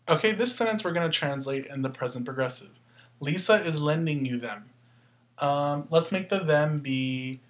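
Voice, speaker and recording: Man, fairly high voice, teacher walking through grammar steps, poses and answers his own questions. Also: normal speed, a bit bright. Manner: asks questions and answers them himself; carefully sounds out words to show stress. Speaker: Spanish teacher. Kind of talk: explaining grammar step by step.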